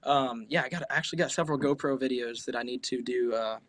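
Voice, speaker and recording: Young man talking fast, easygoing. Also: medium pitch, fairly bright tone, a little hiss or hum. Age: young adult. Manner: eager, quick, laughs often. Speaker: guest, musician and entertainer. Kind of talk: casual chat.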